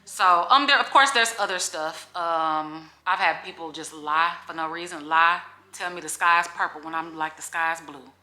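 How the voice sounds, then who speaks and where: Bright chatty woman vlogger in an echoey room. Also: on the low side, moderate pace, hardly any pauses. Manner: candid, chatty, emotional, says "y'all". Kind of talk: casual Q&A chat to camera. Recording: echoey room with faint music.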